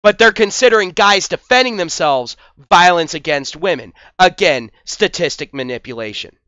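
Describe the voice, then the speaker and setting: A man's voice: high voice, lively intonation, moderate pace, sharp tone, no room sound, lo-fi sound. A man hosting a commentary video, talking in a crude, scornful, mocking way. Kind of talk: profane reaction commentary.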